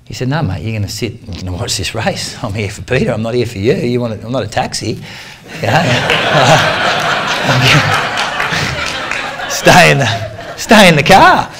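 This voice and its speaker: A man in his forties speaks to a club crowd, telling a story in a loose, slangy way. He jumps into the voices of the people in it and keeps it lively, with a voice of middle pitch. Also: measured pace, pauses often, background noise. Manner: animated, slangy storyteller who acts out the people in his stories. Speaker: guest speaker, triathlete. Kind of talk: storytelling talk to a club audience.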